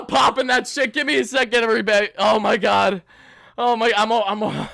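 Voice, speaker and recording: A man hosting a sports fan livestream, giving loud and exuberant postgame commentary that circles back on the same phrases. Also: very high-pitched, moderate pace, creaky, no room sound, clean studio sound.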